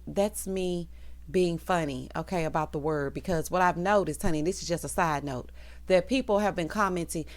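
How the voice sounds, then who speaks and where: A woman's voice: on the low side, moderate pace. A woman recapping a TV episode in a comedic, sassy chat, teasing the characters and calling listeners honey and child.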